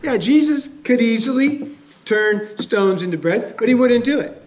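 A man's voice: extremely high pitch, expressive, normal speed, slight background noise. A man preaching a sermon as a pastor, conversational and chuckling, asking his listeners questions.

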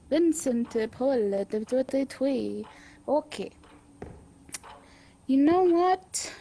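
A woman playing a game and giving casual commentary, swearing and reacting out loud as she goes. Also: a little high, slight background noise. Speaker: gamer.

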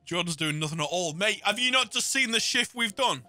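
A man's voice: high-pitched, lively intonation, a little fast, sharp tone, soft background music. A man playing a co-op cooking game on stream, bantering cockily, swearing and tacking "mate" onto nearly every line. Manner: cocky, teasing, swears a lot, says mate constantly. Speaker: gaming streamer. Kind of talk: casual co-op gameplay banter.

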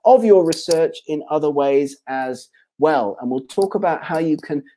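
A man presents a webinar to researchers over a desk mic, with a mellow, warm tone. He builds his points in repeated runs of phrases, restating each idea a few ways. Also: fairly high pitch, moderate pace, a little hiss or hum.

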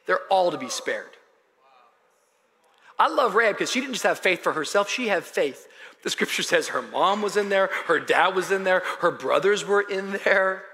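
High-pitched, animated man preaching. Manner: animated preaching, rising to shouts; casual storytelling with slang. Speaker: pastor. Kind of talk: sermon. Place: large church auditorium with congregation. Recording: live church hall reverb, crowd.

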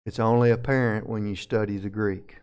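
A man's voice: lowish voice, fairly even intonation, brisk, darkish tone, clean tone. A man with a Southern American accent, teaching a sermon verse by verse and methodically explaining Greek grammar term by term. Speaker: pastor.

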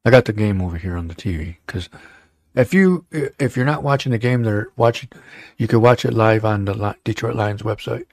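Male show host, gravelly, casual rambling banter, dry close recording. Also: lowish voice, fairly quick, dry recording. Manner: rambling, joking, many fillers. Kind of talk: casual livestream chat.

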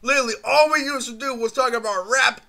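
A man's voice: very high voice, fast, vocal fry, bright, forceful tone. A young man telling a rambling, profane story in a casual vlog, full of fillers. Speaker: vlogger.

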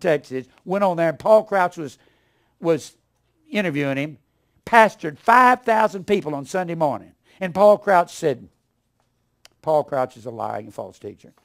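An older man preaching a fiery sermon, scornful and ranting, swinging from low mutters to loud outbursts.

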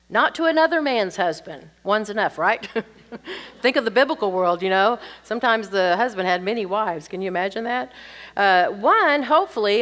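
A woman's voice: medium pitch, fairly bright tone. A middle-aged woman teaching a sermon to women, earnest and explanatory, often checking in with rhetorical questions.

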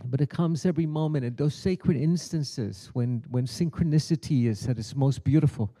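A man's voice: mid-range voice, moderate pace, mellow. A middle-aged man giving a keynote spiritual teaching, telling a parable and voicing its characters' lines. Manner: storytelling, acts out the characters' lines. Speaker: keynote speaker. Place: conference hall.

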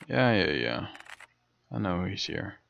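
A man's voice: deep voice, sing-song, takes it slowly, vocal fry, fairly bright tone. A man casually commenting while playing a horror game, muttering, thinking aloud and swearing often. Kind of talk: casual let's play commentary. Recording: dull lo-fi mic with faint noise.

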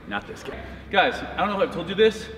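A man's voice: sits high, very animated, fast talker, fairly bright tone. A man filming a casual, jokey fitness vlog inside a gym. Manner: jokey and playful. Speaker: fitness vlogger. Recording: long gym reverb, faint noise.

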